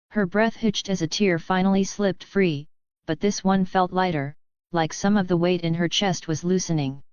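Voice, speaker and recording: Brief: woman narrator, low smooth voice, even measured audiobook reading. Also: no room sound, dull audio.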